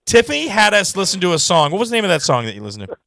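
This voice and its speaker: Male host, joking and animated, bright and lively, close dry sound. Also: sits high, rapid-fire, vocal fry, dry recording. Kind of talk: casual talk show banter.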